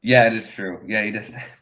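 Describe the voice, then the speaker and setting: A man co-hosting a casual podcast, chatting about anime in an animated way, often laughing and breaking into loud quoted lines. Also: on the low side. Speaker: podcast co-host. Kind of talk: casual chat.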